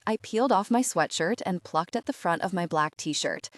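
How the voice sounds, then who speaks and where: A woman's voice: lowish voice, expressive, normal speed, no room sound, studio quality. Woman narrating a romance audiobook.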